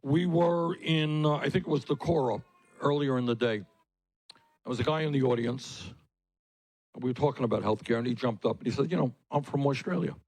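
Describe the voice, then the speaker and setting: A man's voice: mid-range voice, moderate pace, low-quality recording. Man giving a fiery rally speech. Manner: emphatic, repetitive rhetoric that builds to forceful peaks. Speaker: political candidate. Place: public rally.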